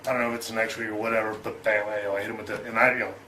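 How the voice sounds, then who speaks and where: Man, middle-aged, candid storytelling, profane, chuckles, acts out quarrels, bright voice. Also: lowish voice, level tone, racing, a little hiss or hum, low-quality recording. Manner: loose and profane, with chuckles and restarts; acts out both sides of an argument. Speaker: interview guest.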